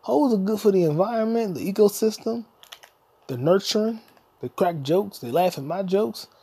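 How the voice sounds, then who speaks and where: With a high, warm, husky voice at normal speed, this expressive man hosts a solo podcast. His rant is crude and rambling, full of jokes and the occasional snatch of singing.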